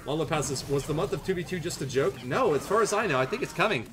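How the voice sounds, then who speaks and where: A man's voice: on the high side, lively intonation, fast talker, music in the background. A man, livestreaming a tournament, reading viewer jokes aloud and casting matches in a playful, self-mocking way. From Canada. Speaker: tournament streamer and caster. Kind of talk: casual livestream chat and game commentary.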